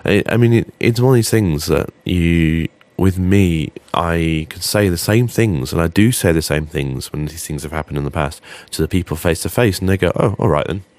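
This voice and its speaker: A man's voice: deep voice, normal speed, hardly any pauses, darkish tone, no room sound. A man hosting a casual solo podcast, rambling and hesitant with frequent ums, then turning blunt and sweary. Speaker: podcast host.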